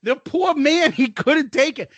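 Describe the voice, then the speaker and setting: Middle-aged male podcast co-host, high and lively, laughs a lot, swears freely. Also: a little slow, dry recording. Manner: laughs through his stories, profane and animated. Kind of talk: casual chat, storytelling.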